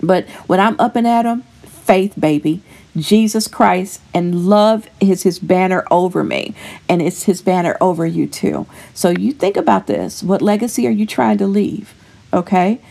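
Brief: devotional podcast host, a woman in her fifties, earnest and homey, gravelly middle-pitched voice. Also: unhurried, mellow. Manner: earnest and homey, with frequent fillers and restarts. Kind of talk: casual faith encouragement talk.

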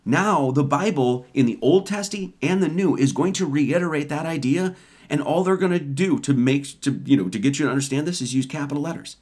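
A man's voice: on the high side, a little fast, a little mellow. Man teaching a casual Bible lecture. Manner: conversational, asks rhetorical questions, repeats for emphasis. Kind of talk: informal sermon lecture.

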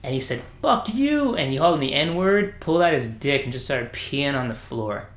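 A man spinning rowdy service stories in casual chat, his voice at a mid pitch. He jumps into the voices of the people he quotes, swearing and laughing as he goes. The room around him rings with echo. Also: brisk. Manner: animated, acts out quoted people, swears freely, laughs often. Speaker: Navy veteran telling stories. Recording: echoey room.

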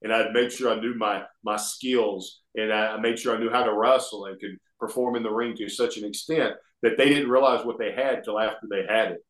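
A man's voice: fairly low pitch, fairly quick, few pauses. Southern man telling stories in an echoey room. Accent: Alabama Southern US. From Alabama, US. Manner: animated, folksy. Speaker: guest, former pro wrestler. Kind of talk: casual storytelling interview.

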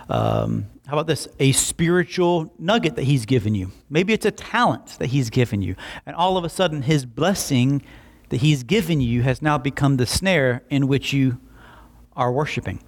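A man preaching a Bible-teaching sermon in an animated way, acting out quick voices for emphasis. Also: medium pitch.

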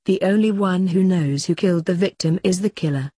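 A woman's voice: fairly low pitch, fairly quick, mellow, breathy edge, no room sound, studio quality. A woman reading the lines of a persistent female news reporter in a short story, asking plain, probing questions. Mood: determined.

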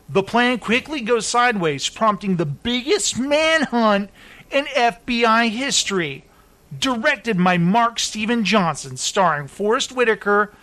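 A man's voice: high voice, sharp tone. A man hosting a casual chat who jokes around, reads film blurbs and stumbles over names. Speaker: host.

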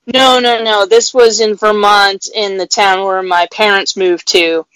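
A woman's voice: medium pitch, steady tone, fairly bright tone, smooth, no echo, low-quality recording. Chatty woman, dry close sound. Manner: chatty, with quick agreeing asides. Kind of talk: casual chat.

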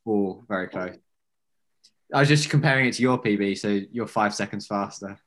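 A man's voice: fairly low pitch, normal speed, a bit bright. A man on a podcast chiming in with brief, factual remarks in casual chat.

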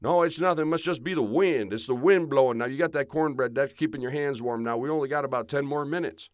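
A man's voice: medium pitch, fast, no echo, studio quality, close to an everyday voice. A man voicing a folksy old bearded miller in a spoken story, drawling and starting his lines with "why". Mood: reassuring.

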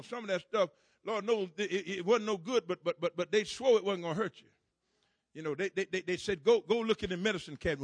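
A male pastor delivering a fervent sermon in a very high, bright and slightly husky voice, recorded dry and close. He repeats words in a rolling rhythm and swells into shouts. He calls out for the congregation to answer him. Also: no room sound. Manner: call-and-response with the congregation.

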